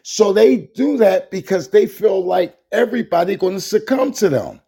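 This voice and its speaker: Deep gravelly man, blunt and folksy. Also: lively intonation, moderate pace, dark tone. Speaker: co-host. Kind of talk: casual talk show chat.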